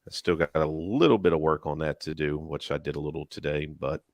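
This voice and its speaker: A man's voice: very deep voice, steady tone, a little fast, no room sound. A man co-hosting a live panel chat, telling stories in a dry, rambling way and laughing between lines. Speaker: YouTuber and live panel co-host. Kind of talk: casual chat.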